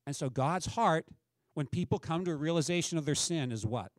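A man's voice: a little high, expressive, fairly quick, dry recording. A middle-aged man preaching a sermon as a pastor, talking in a conversational way and asking the congregation questions.

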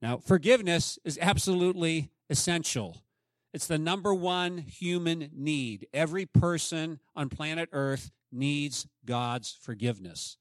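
A man's voice: on the high side, a little slow, no echo, clean studio sound. A man preaching a sermon as pastor, emphatic and often asking the congregation questions.

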